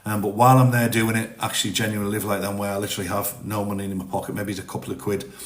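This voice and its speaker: A man's voice: lowish voice, level tone, very fast. Chatty British man, roomy echo. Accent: British, mixed Welsh, Manx and Teesside. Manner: chatty, rambling, answers viewer comments. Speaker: live-stream host. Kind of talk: casual live-stream chat. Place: home in Spain. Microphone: phone.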